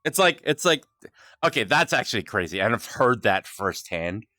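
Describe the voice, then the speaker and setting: Animated, swearing man host. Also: lowish voice, moderate pace, dry recording, clean studio sound. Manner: animated, swearing freely, laughing. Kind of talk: casual chat in an online game.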